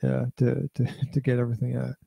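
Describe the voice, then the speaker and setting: A man's voice: medium pitch, completely flat delivery, a little fast, vocal fry, mellow, slightly rough, dry recording. A middle-aged father chatting casually as a podcast co-host, rambling and repeating his words with hesitant fillers. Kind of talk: casual chat reviewing a VR game.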